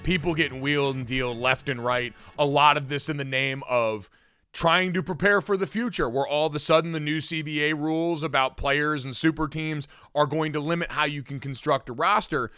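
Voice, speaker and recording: A man's voice: fairly high pitch, fairly quick, bright, forceful tone, clear, resonant tone, dry recording, soft background music. A man hosting a sports podcast, chatting casually and steering the talk between topics. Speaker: podcast host.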